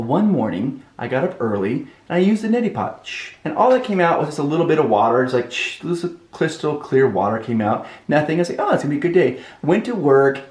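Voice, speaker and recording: Animated storytelling man, echoey room. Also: medium pitch. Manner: animated and expressive. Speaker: vlog host. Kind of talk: comedic storytelling vlog.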